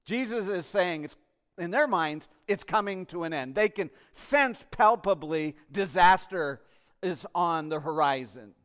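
A male pastor delivering an impassioned sermon, swinging between loud emphasis and hushed asides and posing rhetorical questions to the congregation. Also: sits high, expressive, a little slow.

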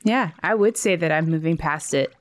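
A woman's voice: sits low, moderate pace, lightly acted. A woman doing Dale, a touchy chipmunk with a New York accent. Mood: defensive. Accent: put-on New York. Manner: defensive, bickering. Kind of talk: improv comedy role-play.

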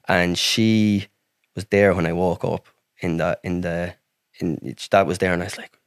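An Irish man with a lowish voice tells his story as a podcast guest, rambling and swearing freely and filling his talk with "like". The sound is dry and close, with no room echo. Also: steady tone, unhurried, clean tone. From Ireland. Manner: rambling, heavy swearing, frequent "like". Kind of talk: casual storytelling.

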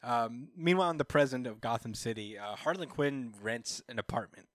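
A man's voice: medium pitch, normal speed, fairly bright tone, dry recording, clean studio sound. A young man co-hosting a podcast, casually recapping a comic story in a rambling, filler-heavy way. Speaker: podcast co-host.

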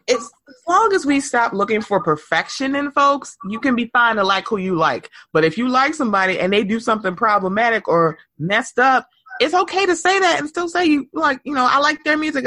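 A woman in her thirties hosting a podcast, chatting casually in an animated, sing-song way and laughing often. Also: a little high, brisk, no echo. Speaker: podcast host. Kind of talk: casual chat.

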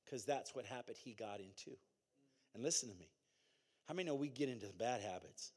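A man preaching a sermon as pastor, in a conversational, animated way with call-and-response and repeated phrases. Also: medium pitch, fairly quick, slightly rough.

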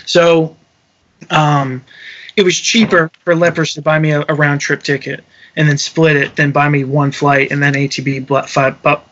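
A young man casually telling a travel story, animated and swearing freely while acting out the quotes. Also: on the high side, moderate pace, dull audio, slight background noise. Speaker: touring musician telling a story.

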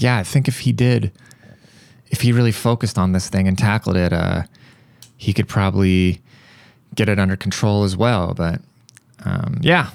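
A man hosting a podcast, telling a rambling story in a casual, profane, animated way. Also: fairly low pitch, vocal fry, no room sound. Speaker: podcast host.

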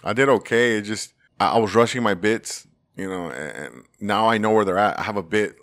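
A man chatting casually as a comedy host, telling animated stories, acting out quotes and laughing often. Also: on the low side, a little fast. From Salvadoran family roots. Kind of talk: casual podcast chat.

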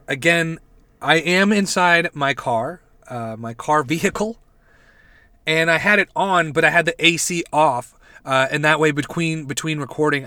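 A man hosts a podcast from the driver's seat of his parked car, rambling through a deadpan comedic monologue with little asides to his listeners. His voice is fairly high and bright. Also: no echo, studio quality. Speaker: podcast host.

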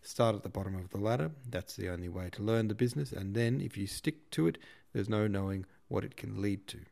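A man reading a novel aloud, voicing a brusque, boastful middle-aged shop manager, a bit higher and louder than his narration. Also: brisk, vocal fry. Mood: pompous.

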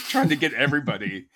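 An American man from the United States co-hosts a podcast, chatting casually and chuckling often as he explains things. His voice is medium-pitched with a sharp tone.

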